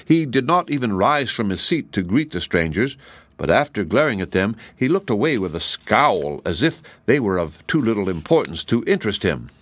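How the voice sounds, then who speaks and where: A man reading a children's book aloud as an expressive storyteller. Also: fairly low pitch, normal speed.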